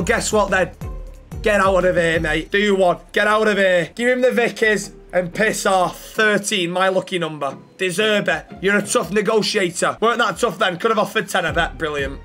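A high-pitched man talks through a football management game in a chatty, excitable way. He trades cheeky banter with the in-game figures as he goes, and faint music plays underneath. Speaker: gaming YouTuber. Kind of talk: gaming commentary.

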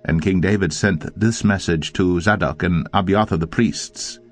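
A man reading scripture aloud in a measured, deliberate narration. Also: low voice. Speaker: audio Bible narrator. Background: faint music.

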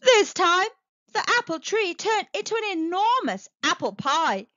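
A woman telling a children's story aloud, with a sing-song, expressive delivery, in a slightly muffled, dry recording. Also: extremely high pitch, a little slow, no echo. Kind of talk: children's read-aloud narration.

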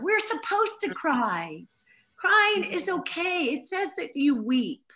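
A woman's voice: sits high, sing-song, slow pace, pushed and bright. A middle-aged woman giving an informal Bible teaching to a small group, telling stories in an earnest, heartfelt way.

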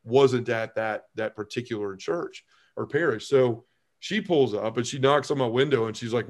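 An earnest man tells his personal testimony to a podcast host. He speaks at a middle pitch, stops and restarts his phrases, and lowers his voice at the heavy parts of the story. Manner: earnest storytelling, halting restarts, drops low when emotional. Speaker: podcast guest.

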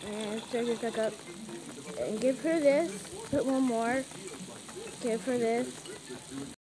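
Woman, high voice, frantic casual gameplay commentary, pleading to herself, clear sizzling game sounds underneath. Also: expressive, slow pace, noisy background.

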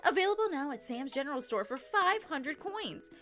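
A woman's voice: high voice, lively intonation, normal speed, fairly bright tone, faint music behind, pitched above the performer's own voice. A woman voicing an upbeat store advert announcer with a salesy read. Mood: peppy.

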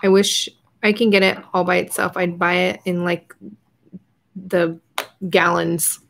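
With a lowish voice, vocal fry, and flat delivery, a young woman talks casually to viewers at a measured pace during her art journaling livestream. She paints as she goes and now and then fades into quiet murmuring.

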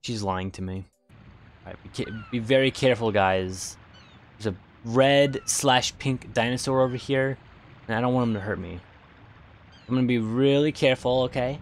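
A man's voice: medium pitch, a little hiss or hum. A man streaming a video game with goofy, playful commentary and jokey yelps of pain. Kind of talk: casual let's-play commentary.

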